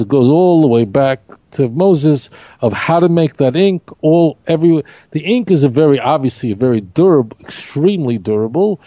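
Leading a Torah study class, this man speaks with animated emphasis, going back over key points and asking rhetorical questions. His voice sits slightly high, with no room sound in the recording.

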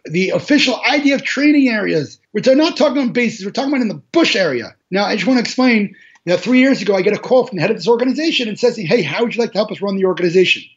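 Guy, high voice, telling a story all animated, kinda muffled audio. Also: quick pace. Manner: animated, repetitive restarts, laughs while telling. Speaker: interview guest, charity organizer. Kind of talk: emotional storytelling interview. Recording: dull lo-fi audio.

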